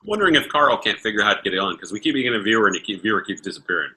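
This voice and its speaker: A man's voice: fairly low pitch, animated, racing, bright, forceful tone, rough recording. A man hosting a livestream, telling a casual, rambling story, laughing often and swearing freely. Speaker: livestream host.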